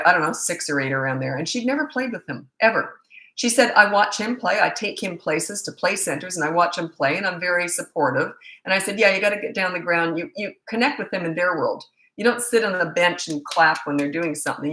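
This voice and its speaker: A woman's voice: on the low side, a bit bright, roomy sound. A middle-aged woman coaching parents in a rambling, chatty live Q&A with many asides. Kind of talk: casual live Q&A.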